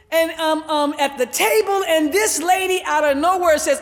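A high-voiced woman pastor delivers an animated sermon, telling her story and calling out to the congregation. Her voice rings with a long reverb from the church sanctuary. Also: normal speed, few pauses.

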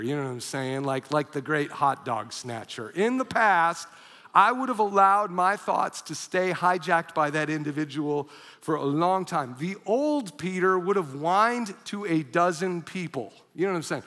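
High bright-voiced male pastor preaching. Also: moderate pace, long reverb tail. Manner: animated storyteller, bursts into shouts. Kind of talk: sermon. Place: church auditorium.

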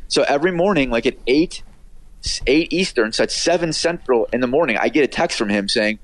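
Middle-aged male radio producer, interview guest; rambling anecdotal delivery packed with fillers and quick impressions, mid pitch, dry sound. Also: animated, no room sound. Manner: rambling, filler-heavy, acts out quoted voices. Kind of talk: casual storytelling interview.

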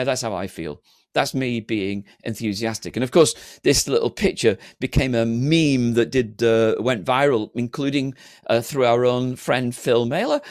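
A man preaching a sermon to an online congregation, animated and humorous, slipping into flat mock-bored voices. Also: medium pitch. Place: streamed church service.

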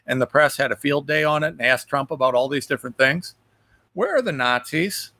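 A man's voice: fairly high pitch, gravelly, sharp tone, no echo. A man hosting a political talk show, delivering an indignant, emphatic monologue with frequent restarts. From United States. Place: Ohio.

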